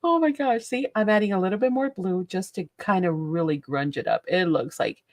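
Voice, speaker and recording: Chatty, excitable woman crafter. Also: medium pitch, brisk, dry recording. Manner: chatty and excitable, laughs often. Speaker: craft demonstrator. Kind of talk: live crafting demo chat.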